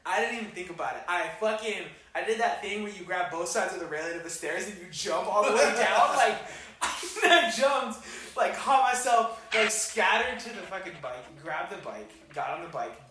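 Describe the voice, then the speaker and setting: A young man telling a story on a casual podcast, slangy and animated, with plenty of swearing. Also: high voice, brisk, hardly any pauses, crowd noise. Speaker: podcast co-host. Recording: echoey room, mic far off, faint noise.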